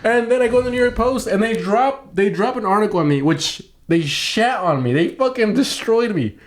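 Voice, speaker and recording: A man's voice: high-pitched, expressive, moderate pace. A man in his twenties co-hosting a podcast, casually telling a rambling story, acting out other people's lines and swearing freely. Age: 20s. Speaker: podcast co-host.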